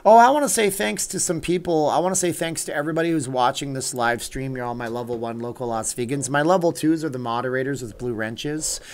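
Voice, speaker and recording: A middle-aged man hosts a casual livestream, speaking quickly with few pauses in a mid-range voice. He rambles chattily, answers viewer comments, reads out and thanks supporters by name, and drifts into an earnest pep talk.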